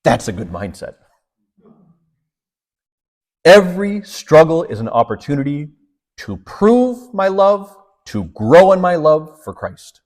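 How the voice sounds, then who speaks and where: A man's voice: on the high side, very animated, moderate pace, few pauses, a little mellow. A man who is a priest, giving a storytelling lecture and acting out the dialogue in his stories.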